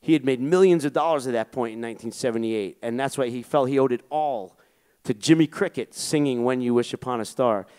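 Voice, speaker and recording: A man's voice: mid-range voice, brisk, darkish tone, clean tone. A man casually telling a long personal story as an interview guest, rambling with lots of fillers and swearing. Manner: profane, rambling, filler-heavy.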